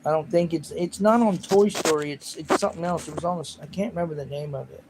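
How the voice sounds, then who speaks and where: A man's voice: on the high side, fast talker, noisy background. A man hosting his own livestream, rambling and joking about himself while reading the chat. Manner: rambling, self-mocking, reads chat aloud. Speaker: livestream host.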